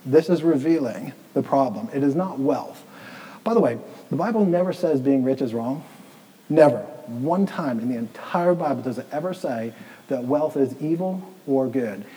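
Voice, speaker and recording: A man's voice: medium pitch, expressive, normal speed, dark tone, poor audio. Emphatic male pastor preaching a sermon. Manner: emphatic preaching, repeats points, drops to near-whisper for stress. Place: church in Southeast Dublin.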